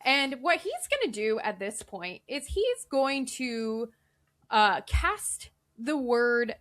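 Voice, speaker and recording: Woman game master, slightly high voice. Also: sing-song, slow, fairly bright tone. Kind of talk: narrating a tabletop game.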